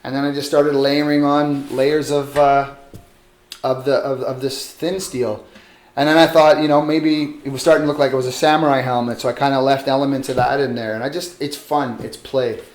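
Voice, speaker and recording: Male sculptor, middle pitch, easygoing and self-deprecating, echoey workshop. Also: moderate pace. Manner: relaxed, rambling, self-deprecating. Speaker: metal sculptor. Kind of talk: casual interview. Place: metal workshop. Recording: roomy echo.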